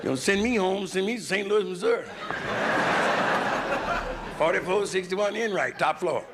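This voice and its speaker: A high-pitched American man does crude, conversational nightclub stand-up at normal speed, working the crowd from a hotel stage. The audio comes from a noisy live VHS tape from the 1970s.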